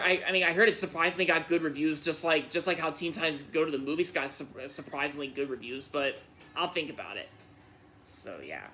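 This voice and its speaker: A man's voice: a little high, bright, forceful tone, slight background noise. A man hosting his own channel, reading out viewer questions and answering them casually, often restarting and repeating words. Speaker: Q&A channel host.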